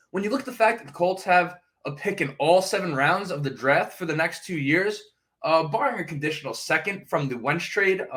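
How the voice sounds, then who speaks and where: A podcast host with a fairly high, slightly bright male voice offers casual fan commentary, thinking out loud and often hedging with "right?" and "uh." He sips coffee and coughs briefly.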